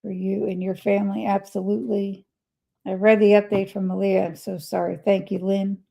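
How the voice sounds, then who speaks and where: A woman's voice: mid-range voice, little pitch movement, moderate pace, gravelly, low-quality recording. An older woman hosting a casual livestream, reading viewer comments aloud and replying to them in a chatty way. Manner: chatty, reads messages aloud and replies warmly. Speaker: livestream host.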